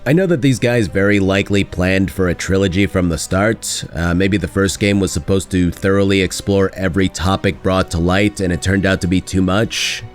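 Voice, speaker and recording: Sarcastic low-voiced man narrating a video essay. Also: steady tone, faint music behind. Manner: sarcastic, critical, mocks lines with quick put-on quotes.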